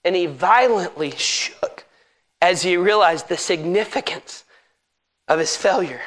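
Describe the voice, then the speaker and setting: A pastor preaching a sermon in church, emphatic and asking the congregation direct questions. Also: male voice, sits high, expressive, measured pace, fairly bright tone.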